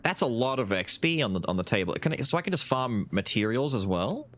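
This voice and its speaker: Excitable streamer man with a lively voice. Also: medium pitch, brisk. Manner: excitable, swears, yelps during fights. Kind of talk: live gameplay commentary.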